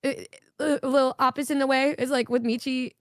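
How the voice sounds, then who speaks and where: A woman's voice: sits high, flat delivery, dry recording, studio quality. A woman streamer chatting casually, rambling with lots of fillers and swearing. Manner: rambling, swears a lot, fast filler-heavy talk. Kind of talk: casual chat.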